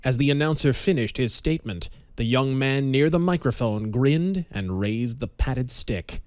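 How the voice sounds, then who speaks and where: A man narrating a pulp audiobook in a measured, dramatic storytelling manner. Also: mid-range voice, expressive, darkish tone, clean tone, dry recording.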